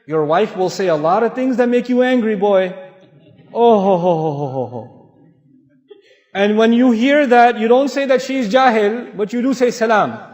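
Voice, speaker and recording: A man's voice: high-pitched, lo-fi sound. A man from Pakistan preaching in a large mosque hall, telling stories with humor and acting out the voices of people in them. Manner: animated, humorous, acts out quoted voices. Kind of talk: storytelling sermon. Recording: echoey hall.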